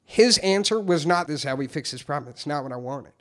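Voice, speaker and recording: With a fairly high voice and a fast delivery, this man tells his recovery story openly and casually. Profanity comes easily, and he becomes animated quoting what he said himself.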